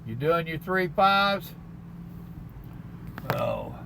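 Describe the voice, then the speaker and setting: A man's voice: on the high side, wildly swooping pitch, creaky, background noise. A man, a truck driver chatting casually on a live stream and reading viewer comments in a folksy drawl. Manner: folksy, slow drawl, calls people brother. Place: parked in his truck cab at a stop.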